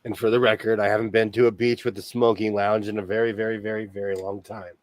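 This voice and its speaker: A man's voice: fairly low pitch, flat delivery, quick pace. A man from California hosting a casual chat, rambling along and laughing often. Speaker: podcast host.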